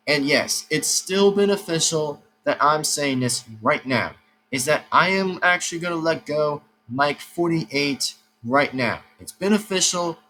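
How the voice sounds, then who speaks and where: Young male YouTuber, slightly high voice, agitated rant, faint hiss behind. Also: a bit bright, poor audio. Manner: agitated, repetitive, swearing. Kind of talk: angry rant to camera.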